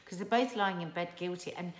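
Middle-aged female co-host, emphatic and enthusiastic, slightly low voice, echoey room. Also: brisk. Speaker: co-host reviewing a TV drama. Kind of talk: casual review chat.

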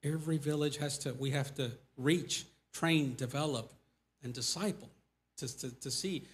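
A man's voice: on the high side, moderate pace. A man speaking as a missionary at a church, telling stories loosely with many fillers and restarts. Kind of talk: church testimony talk.

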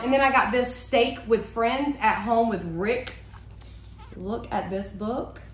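At home in a room with a bookshelf, a haul vlogger chats and gushes while showing off her shopping finds, saying "y'all" a lot. Her voice is on the high side and a bit bright, reverberant, with a little hiss or hum.

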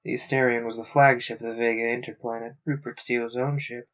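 A man narrating a science fiction novel aloud on a stream, steady with small stumbles. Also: mid-range voice, brisk. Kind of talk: audiobook-style reading. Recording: dull lo-fi sound.

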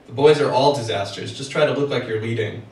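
A man reading aloud, voicing a dry, deadpan young debutante in his own everyday voice. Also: medium pitch, fast talker, distant mic, a little hiss or hum, close to an everyday voice. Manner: dry, flat delivery. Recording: echoey room, heard from afar.

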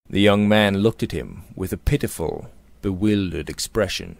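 A man narrating a Victorian novel aloud in a measured, expressive storytelling manner. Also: sits low, vocal fry, dry recording. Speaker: audiobook narrator.

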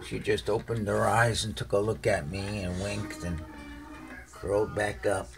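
Man, gravelly voice, unhurried, cooing to his pets, at home, phone camera. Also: lowish voice, flat delivery. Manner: talks to his cats in a fond, cooing way. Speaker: cat owner filming his pets. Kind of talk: casual home video chat. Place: at home indoors.

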